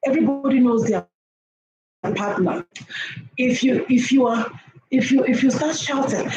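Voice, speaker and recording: Here a woman with a fairly high voice talks at a normal speed, delivering preachy relationship guidance to women. Her tone is emphatic and full of repetition, with frequent "okay?" check-ins, and the room echoes slightly with faint noise.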